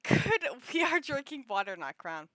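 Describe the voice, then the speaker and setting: Give me a giggly young woman chatting on stream, bright and lively. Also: high-pitched, unhurried, dry recording. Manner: giggly, filler-heavy rambling. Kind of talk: casual chat on a livestream.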